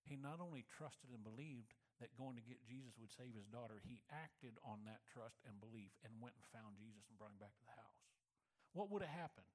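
A man preaching a sermon, retelling a story in a conversational way, often repeating words and dropping to a quiet, low voice for emphasis. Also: brisk, rough recording. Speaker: pastor.

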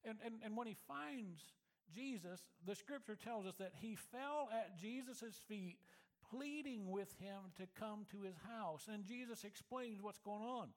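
A man preaching a sermon with a fairly high voice. He tells the story in a relaxed, conversational way, stumbling over and repeating words. He often drops to a soft, low tone for emphasis. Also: unhurried, rough recording. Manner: storytelling, swings from loud to quiet and low. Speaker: pastor.

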